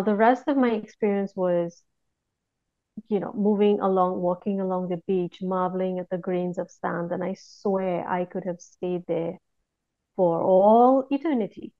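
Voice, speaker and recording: A woman recounting a personal experience in a reflective, hushed way, often pausing and restarting her sentences. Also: medium pitch, steady tone, dry recording, muffled recording. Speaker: guest recounting a near-death experience. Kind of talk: personal testimony, casual storytelling.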